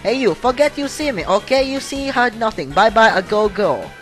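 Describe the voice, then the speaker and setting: A jittery crook babbles in broken English with a put-on foreign accent, as a man voices him in a game playthrough. The voice sits far above his normal talk and comes out sharp and fretful. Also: sits high, animated, moderate pace, soft background music, voice pushed up. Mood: flustered. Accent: put-on vague foreign accent.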